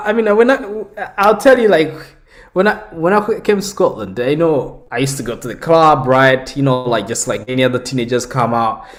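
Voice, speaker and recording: A young man from the Democratic Republic of the Congo, a comic book creator, telling stories in a casual interview with lots of restarts and fillers. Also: a little high. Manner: storytelling, animated, frequent restarts and fillers.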